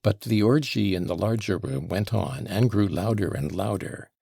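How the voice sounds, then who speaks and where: A man narrating a classic novel as an audiobook, in a measured, even storytelling manner. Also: fairly low pitch, creaky, husky, no room sound, clean studio sound. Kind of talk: scripted narration.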